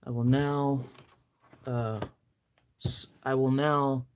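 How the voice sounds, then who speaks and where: A woman with a Nigerian accent chatting casually on a live stream, excitable, gasping and teasing her viewers playfully. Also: extremely low pitch, slow pace, slight background noise. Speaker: planner vlogger.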